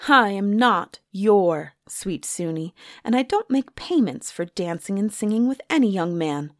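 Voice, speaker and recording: A woman voicing a strong-minded young village woman in a storybook, scolding with sharp retorts. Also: medium pitch, wildly swooping pitch, normal speed, no echo, clean studio sound. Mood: indignant.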